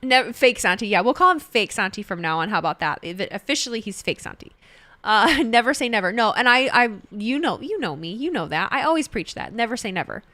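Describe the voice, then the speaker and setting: A young woman chats live with her audience from a home desk microphone, her voice bright and ringing. Her pitch swoops up and down as she laughs, swears and reacts to what viewers type. The sound is close and dry, with no room echo. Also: quick pace. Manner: excitable, laughing, swears freely, reads chat aloud. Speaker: livestreamer reacting to wrestling. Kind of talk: casual live-stream chat.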